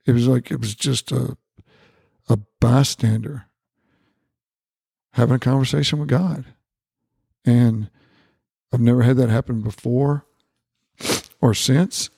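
Middle-aged male guest, gravelly and mellow, earnest storyteller who acts out quoted dialogue; dry close sound. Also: no echo. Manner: repeats words, quotes dialogue with rising pitch. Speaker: guest, family doctor.

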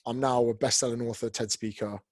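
Blunt, fast-talking man. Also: mid-range voice, no room sound. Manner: blunt, animated, heavy swearing. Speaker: podcast host, fitness coach and author. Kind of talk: casual podcast chat.

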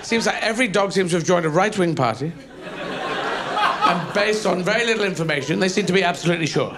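A man's voice: high voice, expressive, fairly quick, over a noisy crowd, very noisy. A man doing a rambling, self-mocking stand-up set on a comedy club stage. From England. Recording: live stage with audience.

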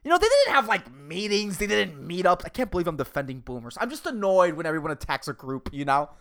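A woman hosting a solo podcast, ranting sarcastically and swearing freely, and talking fast by her own account. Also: on the low side, sing-song. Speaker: podcast host.

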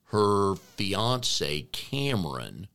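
Man, very deep voice, business podcast co-host, easygoing banter. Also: big pitch swings, drawn-out words, a bit bright, smooth. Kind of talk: casual podcast chat.

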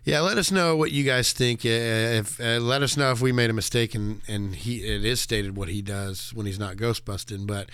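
A man's voice: fairly low pitch, normal speed, hardly any pauses, fairly bright tone, clean tone, no room sound. A man co-hosting a movie podcast, chatting casually and animatedly, laughing and acting out quotes. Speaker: podcast co-host.

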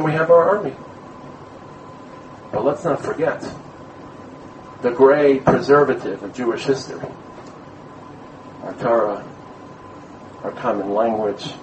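Animated man lecturing in an echoey room. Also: mid-range voice, a little slow, pauses often, background noise. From Brooklyn, USA. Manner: animated storyteller, mixes in Hebrew terms. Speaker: rabbi giving a community talk. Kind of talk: lively sermon-style lecture with stories. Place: room at a community gathering. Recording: echoey room, mic at a distance.

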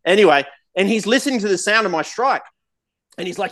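An Australian man in his forties with a fairly high voice tells stories as a podcast guest. He laughs often and swears freely, in a loose, candid way. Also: expressive, fast talker, bright, forceful tone. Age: 40s. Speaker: guest, golf pro. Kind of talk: casual podcast storytelling.

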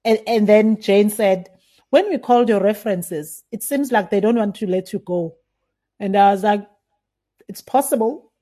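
A middle-aged woman from South Africa talks through her career in a relaxed interview. Her voice is mellow and warm, and she brightens into animated retellings of old conversations. The pitch sits in a comfortable middle range. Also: normal speed. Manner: animated, acts out remembered dialogue with laughs. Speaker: winemaker, guest. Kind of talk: casual interview storytelling.

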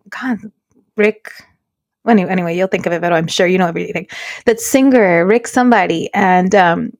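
Animated woman host mixing Spanish. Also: fairly high pitch, no room sound, studio quality. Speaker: podcast host. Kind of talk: casual chat. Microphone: video call.

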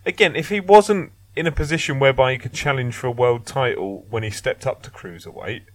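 A man's voice: mid-range voice, a little fast, no echo. Blunt man talking boxing. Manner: blunt, opinionated, laughs often, swears casually. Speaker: boxing pundit. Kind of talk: casual podcast chat.

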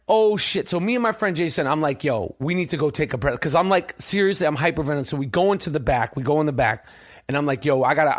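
A man hosting a podcast, telling a rambling, profane, excited story full of restarts. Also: on the high side. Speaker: podcast host. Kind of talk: casual storytelling monologue.

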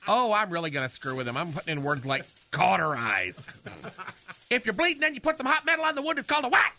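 A man's voice: sits high, sing-song, quick pace, bright, forceful tone, slight background noise, full character voice. A man playing a campy, fussy, flamboyant gay character in a radio comedy sketch, chattering to unseen people. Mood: chatty.

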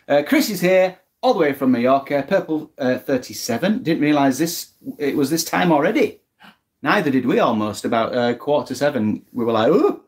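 A middle-aged co-host reads messages from the live chat in an easygoing way. Dry little comments follow each one. The voice sits at an ordinary, middling pitch, recorded at home in a living room. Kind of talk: casual chat.

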